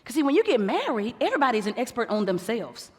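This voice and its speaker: Lady preaching in a church, kinda high voice, playful, long hall echo. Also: big pitch swings, fast talker, a little mellow. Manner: playful, acts out quoted couples. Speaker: pastor's wife preaching. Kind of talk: sermon.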